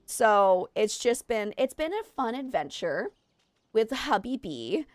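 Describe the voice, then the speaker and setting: A woman's voice: fairly high pitch, big pitch swings, slow, dry recording. A woman streaming a game, chatting in a rambling way that jumps between topics, a little out of breath. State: slightly out of breath. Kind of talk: casual chat while streaming a game. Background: faint game music.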